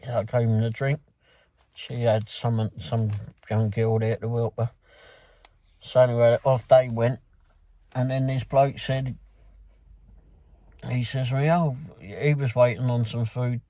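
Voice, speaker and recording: A man's voice: mid-range voice, flat delivery, unhurried, long pauses, warm tone. A man with a London accent, a food delivery driver, casually recapping a night of work in a rambling way, full of fillers and restarts. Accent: London English. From London, England. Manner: rambling, loose storytelling with many fillers and restarts.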